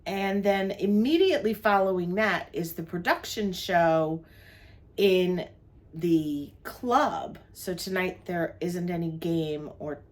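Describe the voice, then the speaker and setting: An older woman with a low-pitched voice chats her way through a travel vlog, running down the day's plans in a relaxed, friendly way. She is from New Jersey and co-hosts with her husband. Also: slow. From New Jersey, USA. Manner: chatty, lists the day's plans. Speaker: vlog co-host. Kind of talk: casual travel vlog chat.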